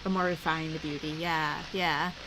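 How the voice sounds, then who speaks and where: A woman's voice: deep voice, steady tone, unhurried, noisy background. Chatty young woman hosting a watch-along. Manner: chatty, lots of "like", frequent laughs. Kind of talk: casual chat.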